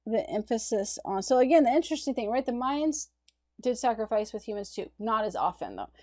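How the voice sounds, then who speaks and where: A woman's voice: a little high, sing-song, brisk, a little mellow. A woman art history instructor giving a conversational recorded lecture, talking through images on her slides. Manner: conversational, explaining images on screen.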